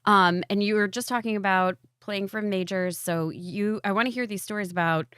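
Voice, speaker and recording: A woman's voice: medium pitch, steady tone, moderate pace, a bit bright, clean tone, dry recording, studio quality. A woman hosting a talk show, introducing and interviewing a guest with short, encouraging remarks.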